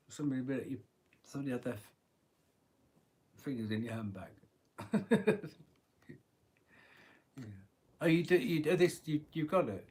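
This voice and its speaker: Husky chatty man reading tarot. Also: mid-range voice, a little mellow. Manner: chatty, rambling, frequent throat clearing and laughs. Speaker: tarot reader.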